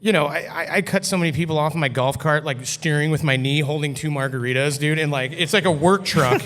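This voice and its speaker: A fast-talking podcast guest with a fairly high, fairly bright voice tells a story in a loose, profane, casual way, saying "like" constantly. He's in a brewery taproom, and the recording has long hall reverb.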